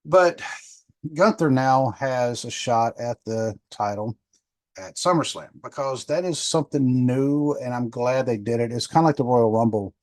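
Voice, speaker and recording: A man's voice: mid-range voice, measured pace, a little mellow, no echo. Rambling fifty-year-old man, dry close mic. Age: 50s. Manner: rambling, chatty, self-correcting with many fillers. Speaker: podcast host. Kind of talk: casual solo podcast review.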